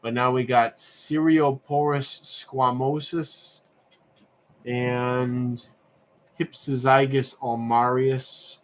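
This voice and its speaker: A man's voice: medium pitch, a little hiss or hum. A man hosting a livestream, thinking aloud in a casual, rambling way as he browses and asks himself questions. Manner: rambling, musing, self-questioning with fillers. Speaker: livestream host.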